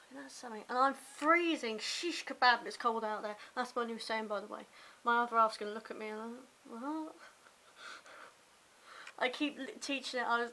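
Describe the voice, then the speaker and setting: A woman's voice: on the high side, pushed and bright, rough recording. A young English woman from Hampshire with a slight London twang, chatting casually and rambling through a daily vlog on a compact camera. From Hampshire, England. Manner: chatty, rambling, self-mocking asides. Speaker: vlogger. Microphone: compact camera mic.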